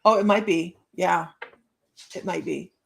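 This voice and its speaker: This woman's voice is lowish and unhurried, with vocal fry, and the recording is very noisy. She runs a casual psychic-reading livestream in a playful, chatty way, giggling and laughing often as she reads out cheeky lines from the cards.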